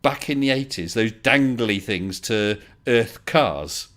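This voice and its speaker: A man's voice: mid-range voice, expressive, takes it slowly, a bit bright. A man hosting a casual group livestream chat, laughing often and asking questions. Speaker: livestream host.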